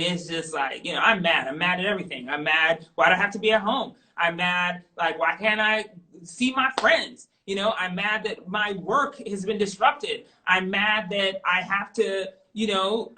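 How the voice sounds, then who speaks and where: A middle-aged woman speaking candidly as an interview guest, emphatic and animated, repeating her points for stress. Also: medium pitch, low-quality recording.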